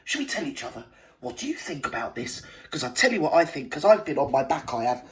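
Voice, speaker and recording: A woman's voice: rumbling low, sing-song, fast, a little hiss or hum. A woman with a cold, hosting a reaction video in cheeky, gossipy casual commentary with many asides to her viewers. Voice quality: stuffy, cold-affected voice. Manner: chatty, cheeky and theatrical, with lots of asides to viewers. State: has a cold.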